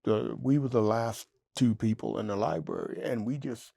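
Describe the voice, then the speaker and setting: A man in his sixties, an interview guest telling a story in a lively way, jumping up in pitch when he quotes himself. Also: moderate pace, vocal fry, no room sound. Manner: animated storyteller, jumps high in pitch when quoting himself.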